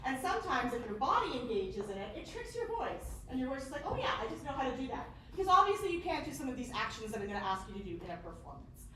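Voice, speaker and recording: A woman's voice: sits high, sing-song, quick pace, few pauses, pushed and bright, a little hiss or hum. A woman leading a choir workshop, encouraging the singers and demonstrating vowels by singing them. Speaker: choir clinician. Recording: echoey hall from far off.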